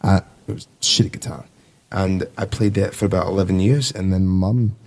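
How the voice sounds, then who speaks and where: A man's voice: deep voice, fairly even intonation, moderate pace, vocal fry, darkish tone. A man in his twenties, a navy sailor telling stories as a guest in a casual podcast conversation, rambling and easygoing with lots of fillers. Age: 20s.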